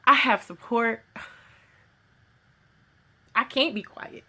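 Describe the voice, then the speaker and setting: A woman's voice: fairly high pitch, expressive, moderate pace, pauses often, bright, forceful tone. A woman, a small business owner, giving an earnest, rambling personal testimony in a casual vlog, recorded at home in her sewing room. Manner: earnest, rambling with restarts and quoted voices.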